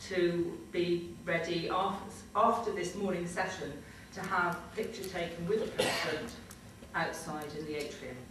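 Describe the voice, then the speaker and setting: This woman's lowish voice holds a steady tone at a moderate pace, with hardly any pauses. She's the host of a convention, casually announcing and giving out awards on stage in a large hall without much structure. The sound is echoey and noisy, recorded from a distance.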